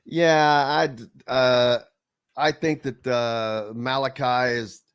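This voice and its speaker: A man hosting a casual sports radio talk show, halting and restarting often. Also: medium pitch, steady tone, fairly bright tone, clean tone.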